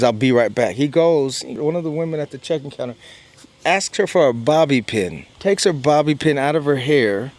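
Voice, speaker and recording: A man earnestly telling a personal travel story to camera, emphatic and acting out the dialogue. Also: a little high. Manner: earnest, emphatic retelling with lots of quoted dialogue.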